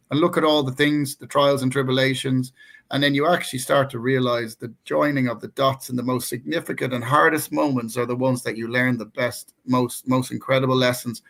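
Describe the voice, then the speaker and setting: A middle-aged Irish man co-hosts a casual talk show, telling a personal story full of restarts and fillers. His medium-pitched voice is creaky and a bit bright.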